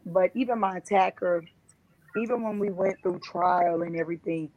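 A woman's voice: fairly low pitch, moderate pace, a little mellow, lo-fi sound. A woman guest on a talk show, earnestly recounting a personal experience and often repeating herself. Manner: earnest, repetitive storytelling.

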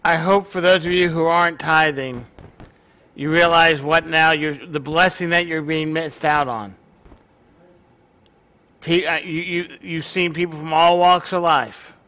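A man's voice: on the high side, steady tone, unhurried, sharp tone. A male pastor preaching a sermon in a joking, conversational way to his congregation.

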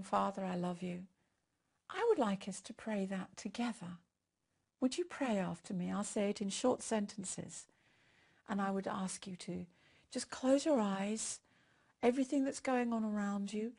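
A woman's voice: medium pitch, gravelly. An older woman giving a devotional sermon and leading a prayer in a storytelling manner. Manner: warm storytelling, leads prayer. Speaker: preacher.

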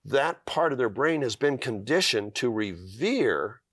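A man's voice: medium pitch, expressive, unhurried, fairly bright tone, husky, no room sound, studio quality. A middle-aged man, a guest author, telling a personal story in an earnest way on a talk show, with fillers and restarts.

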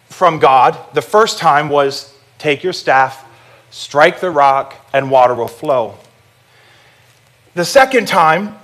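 Man, pastor, sermon, conversational preaching, somewhat high voice. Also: a bit bright. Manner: conversational preaching with audience prompts.

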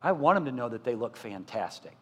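A middle-aged man preaching a sermon as pastor, asking the congregation questions and building to loud, emphatic repetition. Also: mid-range voice, very animated, brisk, slightly rough. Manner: asks the congregation rhetorical questions. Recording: long church-hall reverb.

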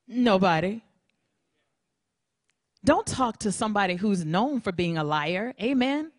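A woman preacher giving a sermon in a lively, humorous way, acting out little dialogues. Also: mid-range voice, fairly quick, no room sound, clean studio sound. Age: adult with a grown daughter. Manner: animated, humorous, acts out dialogues.

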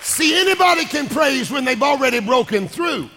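A male pastor preaching a sermon, shouting and singing his lines and calling out to the congregation. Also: extremely high pitch, expressive, normal speed, background noise. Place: large church hall with congregation. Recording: echoing hall with music and crowd.

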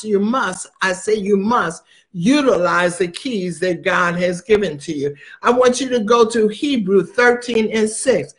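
Very high-voiced man preaching emphatically. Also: a bit bright. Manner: emphatic, repeats phrases for stress. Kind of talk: sermon.

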